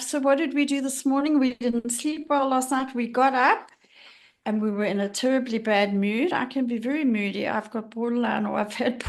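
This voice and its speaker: A middle-aged woman with a high voice talks as a podcast guest. She speaks with raw frankness about her feelings and laughs now and then between her words. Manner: emotional, frank, laughs while talking. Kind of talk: candid personal conversation.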